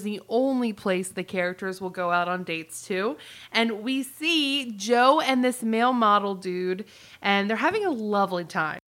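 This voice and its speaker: A woman co-hosting a podcast, retelling episode scenes in casual chat and acting out the characters' lines. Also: mid-range voice. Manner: animated storytelling, acts out characters' lines. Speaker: podcast co-host recapping a show.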